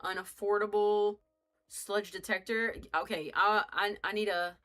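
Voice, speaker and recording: Bright-voiced young woman streamer. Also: mid-range voice, steady tone, a little slow, soft background music. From United States. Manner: rambling, joking, swears freely, chats with viewers. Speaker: game streamer. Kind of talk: casual live-stream chat while playing.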